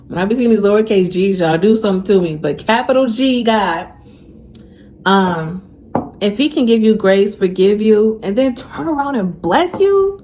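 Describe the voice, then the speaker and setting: A woman's voice: medium pitch, a little mellow, slight background noise. A young woman talking casually and earnestly to her viewers in a faith vlog. She repeats phrases for emphasis and becomes emotional when she speaks of her faith. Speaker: faith vlogger. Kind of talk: casual heartfelt vlog talk.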